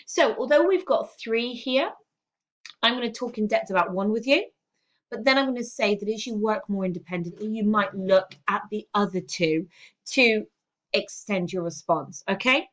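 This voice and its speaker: A woman English teacher talking through a lesson in a steady, explanatory way, checking in with "okay" as she goes. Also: mid-range voice, normal speed. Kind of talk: recorded classroom lesson.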